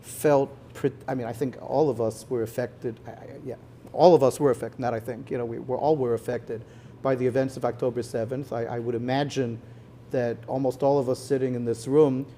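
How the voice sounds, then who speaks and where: A man, a rabbi and guest, explaining his views in a measured way to an audience in a synagogue, often saying "you know". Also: mid-range voice, flat delivery, warm tone, slight background noise. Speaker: rabbi, head of a conversion court, guest. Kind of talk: live conversation before an audience.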